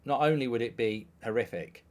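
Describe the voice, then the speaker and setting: A man in his thirties hosts a live football watchalong, chatting loosely between moments of play. He reads viewer questions aloud and answers them in a dry, offhand manner. His voice sits in a middle pitch. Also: brisk, darkish tone. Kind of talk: casual live-stream chat reading comments.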